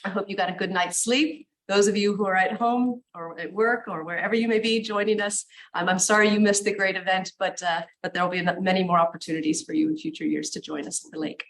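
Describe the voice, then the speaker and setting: A woman's voice: mid-range voice, steady tone, fast, low-quality recording. A woman moderating a conference session, welcoming the audience and introducing a speaker with enthusiasm.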